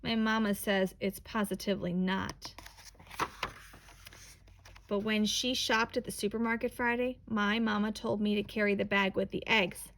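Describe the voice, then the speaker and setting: A woman reading a children's picture book aloud in a slow, expressive, playful storytelling manner. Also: mid-range voice, slight background noise.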